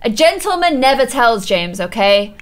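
A woman with a high, bright voice commentating on a life-simulation game for her viewers. She swings her pitch widely and gasps often. Her reactions are loud and playful. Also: moderate pace. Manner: excitable, frequent gasps, playful exclamations. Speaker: video game streamer. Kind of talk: gameplay commentary.

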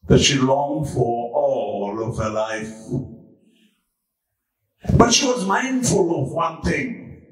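A man preaching a sermon as dramatic storytelling, swinging from hushed lines to shouts. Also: fairly high pitch. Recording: very echoey room, far from mic.

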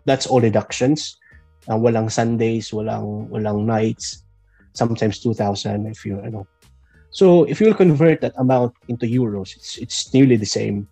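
Filipino guy nurse chatting, mellow dry voice, lots of ums and restarts, soft music behind. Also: on the low side, normal speed, dry recording. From Philippines. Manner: chatty, mixes in Tagalog, frequent fillers and restarts. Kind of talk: casual interview talk.

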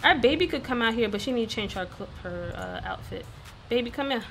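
A woman's voice: a little high, expressive, fairly quick, creaky, fairly bright tone, soft background music. Chatty woman narrating a game. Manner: chatty, playful, talks to the game characters. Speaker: gaming video host. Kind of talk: casual let's-play commentary.

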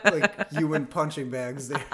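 A man's voice: fairly high pitch, a little slow, pushed and bright. A male comedian guest in a casual podcast chat, crude and sarcastic, swearing freely.

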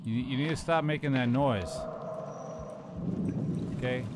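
With a medium-pitched voice and a measured pace, a man streams a horror game and comments casually. He mutters jokes and profanity to himself as loud game audio fills the background.

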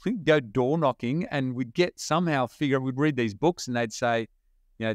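Animated Australian man telling business stories. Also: medium pitch, no room sound, studio quality. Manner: animated storyteller, quick bursts, laughs. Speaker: podcast guest. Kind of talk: storytelling interview talk.

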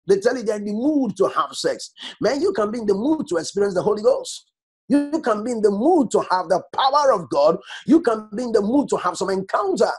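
A man's voice: sits high, husky. A man preaching a sermon as a pastor, emphatic and repetitive, with frequent calls like "come on". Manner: emphatic preaching with repeated phrases and exclamations; speaks in tongues briefly.

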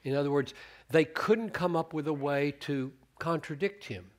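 In a sermon delivered at a moderate pace, a middle-aged man with a higher-leaning voice teaches on scripture. He's earnest and animated, quoting verses with varying emphasis.

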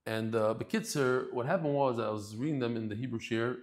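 In a brisk, mid-range voice, a man kicks off a daily Talmud class. His heartfelt, emotional, informal introduction is marked by many restarts.

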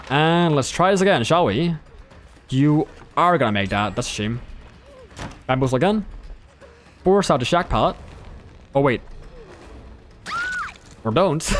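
A man streaming a game and commenting as he plays, with a fairly high voice. His delivery swings up and down and stays playful and joking. A faint hiss sits under the talk. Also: fairly bright tone. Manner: playful, joking, self-amused. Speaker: gameplay streamer.

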